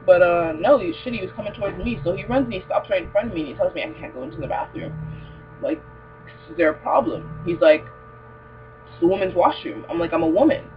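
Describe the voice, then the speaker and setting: A young woman tells stories to camera for her vlog in a casual, profane, animated way, full of fillers and slang. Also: on the low side, fast, highs cut off, soft background music. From Toronto, Canada. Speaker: vlogger.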